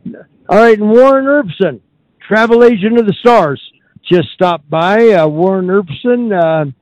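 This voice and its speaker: A male radio host chats casually in a folksy, rambling way, often pausing on fillers. His voice sits a bit high for a man and sounds close and dry in the studio. The sound is slightly muffled. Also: a little mellow, dry recording. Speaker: radio talk show host. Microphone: studio microphone.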